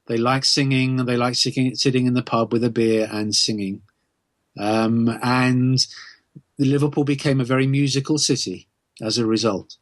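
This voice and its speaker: A middle-aged Englishman speaks as a guest author on a podcast, choosing his words with care and pausing often on ums. His pitch sits mid-range for a man. The recording is close and dry, with little room sound. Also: steady tone, no echo. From England. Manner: thoughtful, measured, with many ums. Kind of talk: podcast interview answers.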